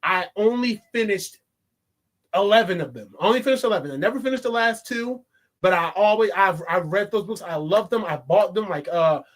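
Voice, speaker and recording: A man's voice: sits high, animated, brisk. A young adult man reviewing a movie in a casual, rambling monologue, full of joking asides and restarts.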